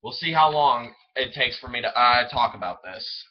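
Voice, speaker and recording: A young man chatting casually as a fan vlogger, rambling and excitable, often stumbling over his words. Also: medium pitch, normal speed. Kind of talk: casual solo commentary. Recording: dull lo-fi home recording.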